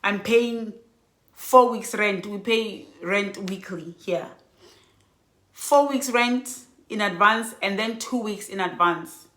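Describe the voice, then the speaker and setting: A woman telling an emotional storytime vlog, sounding worn out and animated by turns. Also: mid-range voice, slow. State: exhausted. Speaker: vlogger. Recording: echoey room.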